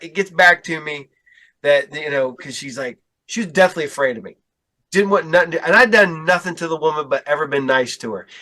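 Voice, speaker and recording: A man telling a story in casual podcast chat, acting out quotes with big jumps in pitch. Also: pushed and bright. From Ohio. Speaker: podcast guest.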